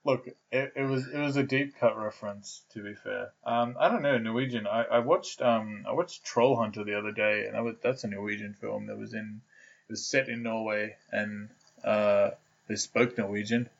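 Young man, gravelly, casual podcast co-host, hesitant with restarts, dull lo-fi audio. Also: on the low side, steady tone, moderate pace. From Australia. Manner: hesitant, full of restarts and fillers. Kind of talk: casual chat. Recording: dull lo-fi sound.

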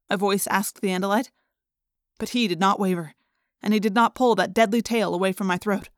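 A woman narrating a first-person audiobook in a steady storytelling manner. Her voice sits at an ordinary pitch for a woman. The recording is dry and close. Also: fairly quick, no echo.

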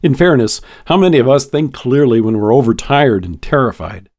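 A man hosting a devotional podcast, reading a scripted devotion with expressive, varied emphasis. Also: mid-range voice, moderate pace.

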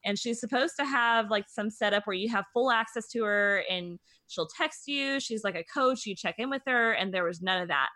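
Young woman co-host, judgy and chatty; bright tone, dry sound. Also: medium pitch, moderate pace, hardly any pauses, no echo. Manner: gossipy, blunt, animated storytelling. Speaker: podcast co-host. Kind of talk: casual chat.

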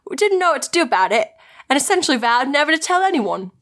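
A woman's voice: sits high, big pitch swings, fast, a bit bright, pitched above the performer's own voice. A woman voicing an English man who recounts seeing a strange creature, in a wobbly put-on English accent. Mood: spooked. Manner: wobbly, self-mocking.

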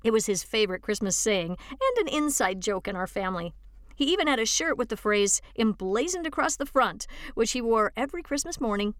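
Lady reading a story out loud, kinda high voice, dry close mic no room sound. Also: big pitch swings, a little fast, no room sound. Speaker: volunteer reader. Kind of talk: read-aloud story narration.

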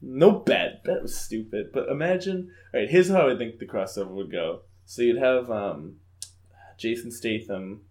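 A young man co-hosting a podcast, chatting casually about a TV show, laughing often and slipping into quick character voices. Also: medium pitch, expressive, darkish tone. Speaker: podcast co-host. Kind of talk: casual chat recapping a TV show.

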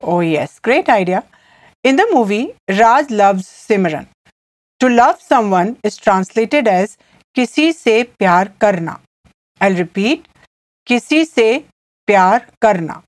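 A woman's voice: mid-range voice, expressive, no echo. Woman teaching phrases in a dry recording. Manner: reads phrases, then repeats them slowly word by word. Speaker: language teacher co-host. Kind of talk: scripted language lesson.

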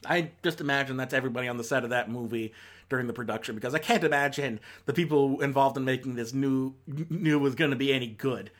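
A man talking casually through a countdown of bad films, rambling and sardonic, with exasperated high-pitched outbursts. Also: fast. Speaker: film reviewer.

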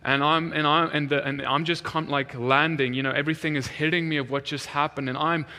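A man's voice: a little high, brisk. A man preaching a sermon, telling a story and animatedly acting out the voices of the people in it. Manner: animated, acts out quoted voices. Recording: long hall reverb.

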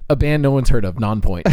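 A joking man co-hosts a podcast and rambles through his points in casual chat. His voice is somewhat high. It is recorded dry and close. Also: husky, no echo. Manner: joking, rambling, fillers and restarts. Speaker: podcast co-host.

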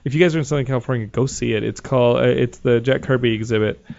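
A man hosting a podcast in casual chat, telling animated stories about movies and the people in them. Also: medium pitch, fast, vocal fry. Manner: excitable, animated storyteller. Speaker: podcast host. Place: Southern California. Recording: dull lo-fi podcast audio.

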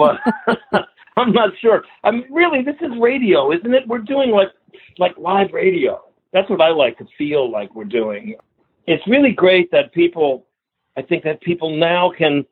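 Older guy calling in over a tinny phone, husky voice, kinda high, laughing through stories. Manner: animated storyteller, laughs often. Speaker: guest musician. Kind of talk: casual interview chat.

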